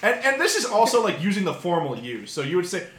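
Laughing man with a lively, roomy voice. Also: sits high, quick pace. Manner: playful, laughs often, tries out rusty French. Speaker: podcast panelist. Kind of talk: casual chat. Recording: echoey room, faint background noise.

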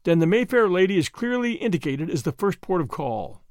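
A man playing a cheerful young male detective who talks in a brisk, self-satisfied way. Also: high voice, sing-song, darkish tone, no room sound, clean studio sound. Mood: cheery.

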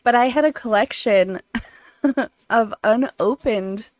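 A woman's voice: on the high side, takes it slowly, darkish tone, no echo. A woman guest from a comedy club, chatting casually and telling nostalgic stories with laughs. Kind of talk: casual chat.

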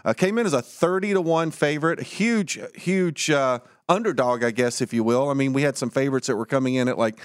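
A man with a Southern twang co-hosts a sports-betting podcast in a folksy, easygoing way. His voice sits at a middling pitch, recorded dry and close with no room around it. He chuckles often and keeps it conversational. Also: a little fast, hardly any pauses, clean tone, no echo. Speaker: podcast co-host. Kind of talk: casual sports-betting chat.

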